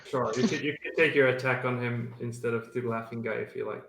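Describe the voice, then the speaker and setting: A man running an online tabletop game as game master, pausing often with fillers. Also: mid-range voice, fairly even intonation, a bit bright, roomy sound. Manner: hesitant, many filler pauses.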